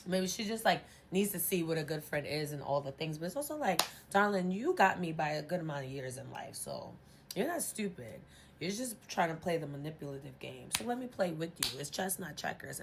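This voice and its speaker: A young woman telling a story in a casual storytime vlog, animated and profane, acting out quotes. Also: on the low side, slight background noise. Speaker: storytime vlogger. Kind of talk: casual storytime while eating.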